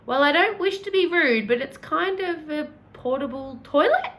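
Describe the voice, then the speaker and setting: A woman voicing a kindly, gentlemanly old male tramp who talks in a polite, old-fashioned, fatherly way. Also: high-pitched, animated, normal speed, voice pushed up. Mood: genteel.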